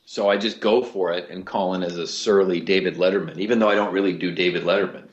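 A man, a voice actor and comedian, telling stories in a casual interview with lively restarts. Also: deep voice, fast talker, reverberant, highs cut off. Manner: animated storyteller, lots of restarts.

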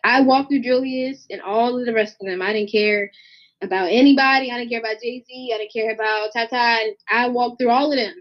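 A young woman with a fairly high voice tells a lively anecdote, jumping in and out of the voices of the people she met. The sound is dull and lo-fi. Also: a little fast. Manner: animated, acts out voices in her anecdotes. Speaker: guest artist. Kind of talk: casual storytelling interview.

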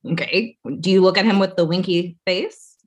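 A woman's voice: on the low side, moderate pace. Wry, chatty young woman. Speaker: podcast co-host. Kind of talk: casual chat about a reality show.

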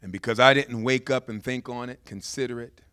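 A male pastor preaching a sermon and telling a story, moving from hushed reflection to loud, shouting excitement. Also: mid-range voice, brisk, smooth, dry recording.

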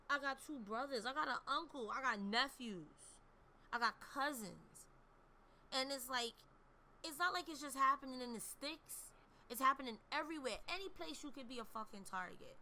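A woman's voice: a little high, sharp tone, slight background noise. A woman speaking bluntly in casual chat, slangy and exasperated.

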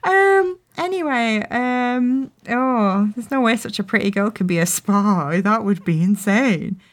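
A woman's voice: on the high side, animated, a little slow. Giggly woman on a podcast recapping an anime ep, swears a lot, acts out all the lines. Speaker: podcast co-host. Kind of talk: casual chat recapping an anime episode.

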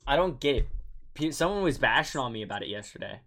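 A man's voice: medium pitch, animated, quick pace, vocal fry, fairly bright tone. A young man hosting a casual podcast chat, rambling and laughing often. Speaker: podcast host.

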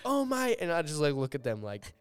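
A man co-hosting a podcast, telling a childhood anecdote in casual, halting chat. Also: mid-range voice, animated, music in the background. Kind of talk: casual storytelling.

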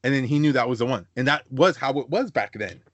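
A young man hosting a casual podcast chat, telling animated stories and slipping into high-pitched voices for the people he quotes. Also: fast, dry recording, lo-fi sound. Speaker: podcast host.

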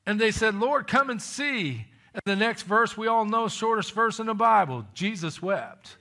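A man's voice: high voice, expressive, moderate pace, pushed and bright. A man preaching a sermon, reading scripture and pressing the point with emphatic questions and calls for amens.

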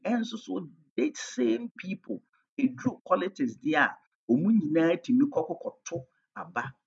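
A man's voice: a little high, vocal fry, darkish tone, breathy edge. A man with a Ghanaian accent preaching a sermon as pastor, emphatic, switching between English and Twi with his volume rising and falling. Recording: dull lo-fi recording.

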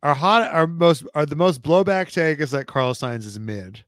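A man's voice: on the high side, moderate pace, fairly bright tone, dry recording, clean studio sound. A man talking as a podcast guest in a casual chat, loose and rambling with many restarts.

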